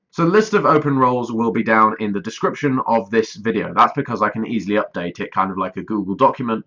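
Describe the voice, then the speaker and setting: A man's voice: on the low side, sharp tone, highs cut off. A man casually rambling through a vlog update, self-deprecating and often stalling mid-sentence as he calls for voice auditions. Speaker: YouTuber directing a voiced let's play.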